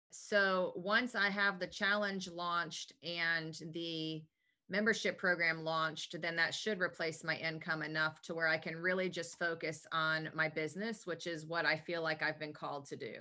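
A woman's voice: lowish voice, pushed and bright. A woman being interviewed about her health business, talking in an upbeat, talkative, enthusiastic way. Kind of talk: casual interview answers.

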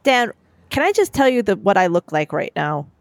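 A woman's voice: mid-range voice, normal speed, no echo. A woman co-hosting a podcast from her living room over a remote call, talking wryly with a swollen lip and laughing often. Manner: wry, animated, laughing often. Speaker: podcast co-host. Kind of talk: casual chat.

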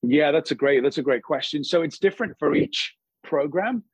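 A man with a husky, slightly breathy voice explains his craft with an earnest, teacherly manner, dropping a casual "bro" now and then. The sound is close and dry, with no room around it. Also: fairly high pitch, big pitch swings, normal speed, dry recording, poor audio. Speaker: acting teacher and guest. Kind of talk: casual interview chat.

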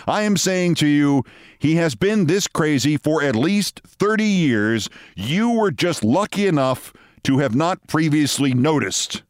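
A man's voice: on the high side, big pitch swings, unhurried, clear, resonant tone, no room sound. A man hosting a show, telling a long story in a wry, theatrical monologue from a studio. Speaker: host.

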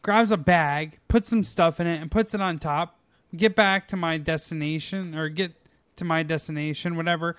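High-voiced man, profane casual chat. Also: steady tone, moderate pace, a bit bright, no room sound. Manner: profane, exasperated ranting.

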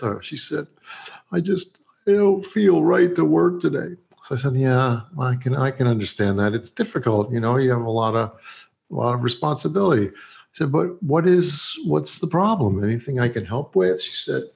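A man, a TV director, telling a story from a film set in a relaxed way, acting out both sides of the dialogue and laughing often. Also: mid-range voice, normal speed, gravelly, highs cut off. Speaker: TV director, guest.

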